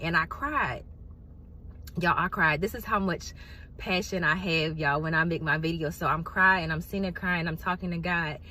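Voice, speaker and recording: A woman's voice: medium pitch, pushed and bright, a little hiss or hum. A woman hosting her own video, giving a chatty faith-based motivational talk and talking straight to her viewers. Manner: chatty, preachy, says y'all and okay a lot. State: recovering from a sore throat. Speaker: inspirational video host. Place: in her car.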